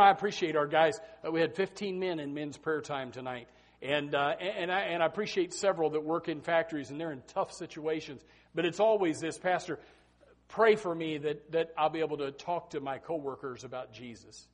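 High-voiced preaching pastor, man. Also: brisk. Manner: preaching with sudden shouted peaks and quiet drops. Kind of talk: sermon.

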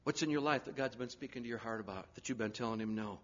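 A man preaching a sermon, swinging from loud urgent pleading down to hushed, near-whispered lines. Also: medium pitch, quick pace, muffled recording, a little hiss or hum.

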